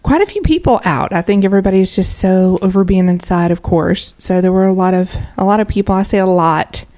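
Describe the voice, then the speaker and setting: A woman's voice: mid-range voice, brisk, dark tone. A woman co-hosting a paranormal radio show who tells a story in a chatty, rambling way with many fillers. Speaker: co-host. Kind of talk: casual podcast chat.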